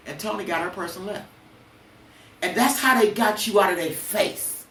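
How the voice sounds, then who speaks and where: A woman's voice: on the low side, fairly quick, fairly bright tone, recorded from a distance, slight background noise. Blunt older woman in an echoey room. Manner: blunt, preachy storytelling with cursing. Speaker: podcast host. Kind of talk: emotional personal monologue.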